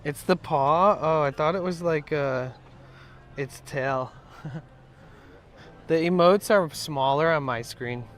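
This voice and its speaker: A man's voice: a little high, takes it slowly, long pauses, a bit bright. A man livestreaming outdoors from his phone, chatting casually with viewers, telling a story and swearing. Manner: rambling storytelling, swears, reads chat aloud. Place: outdoors in a van trip setting.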